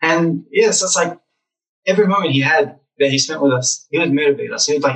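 A young man telling lively stories about his childhood as a guest in a casual interview. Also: on the high side, fast, recorded from a distance, low-quality recording. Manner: animated, acts out childhood memories.

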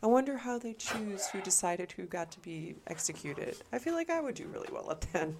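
A young woman co-hosting a podcast in casual chat, bantering with dark, playful jokes. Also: medium pitch, animated, fairly quick, crowd noise. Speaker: podcast co-host.

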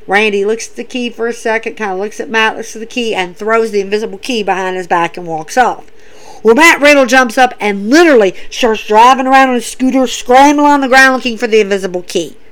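A woman's voice: a little high, fairly bright tone, rough recording. A young woman enthusiastically retelling wrestling events in a casual, chatty recap.

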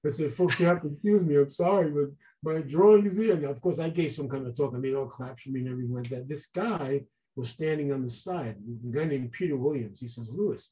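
Animated storytelling man, mellow voice. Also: on the high side, poor audio. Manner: animated, acts out quoted voices. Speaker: guest artist. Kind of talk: casual storytelling.

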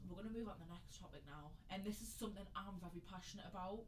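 A woman's voice: mid-range voice, very fast, a little hiss or hum, poor audio. A woman co-hosting a podcast, chatting casually and telling a story while acting out the quotes. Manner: chatty, animated, acts out quotes. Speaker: podcast co-host.

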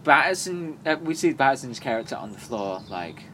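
A man co-hosting a podcast, chatting casually and retelling a plot in a halting, rambling way full of fillers and restarts. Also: mid-range voice, big pitch swings, pushed and bright, slight background noise. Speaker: podcast co-host. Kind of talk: casual chat.

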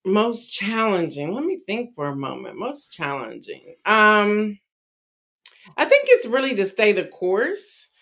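A woman in an interview, reflectively talking about her faith with frequent pauses and ums. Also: mid-range voice, very animated, fairly bright tone. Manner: reflective, hesitant with many ums. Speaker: interview guest. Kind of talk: casual faith testimony interview.

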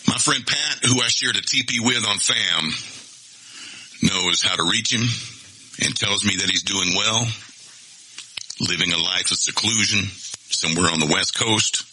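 A man's voice: on the low side, a little slow, pauses often, sharp tone, a little hiss or hum, poor audio. A man hosting a podcast, telling a personal story in a candid, profane, emotional way. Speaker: podcast host.

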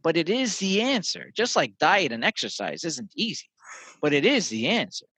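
A man chatting on a podcast, animated, telling stories that carry life advice. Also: on the high side, normal speed, slightly rough, no room sound, low-quality recording. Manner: animated storyteller, swears casually. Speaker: podcast guest. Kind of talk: casual conversation.

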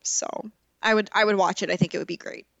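A woman's voice: medium pitch, racing, creaky, no room sound. Chatty woman podcast co-host, dry sound. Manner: chatty, rambling, expressive. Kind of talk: casual podcast chat.

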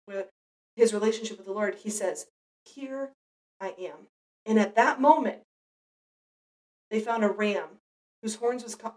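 A woman's voice: a little high, recorded from a distance, poor audio. A mother giving an earnest, reflective devotional Bible teaching, speaking directly to the listener.

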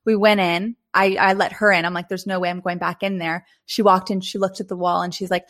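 A woman in her thirties from Canada tells a personal story on a podcast in a casual, lively way. Her voice is mid-pitched and her delivery is animated. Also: a little fast, hardly any pauses. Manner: animated, rising to near-shrieks in scary moments. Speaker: podcast host.

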